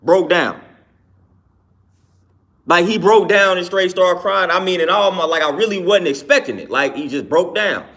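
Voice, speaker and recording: A man with a somewhat high voice speaks in a casual, heartfelt monologue. He talks as a trainer would to his followers. He often circles back with "man" and "you know what I'm saying.". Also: moderate pace, pauses often, fairly bright tone.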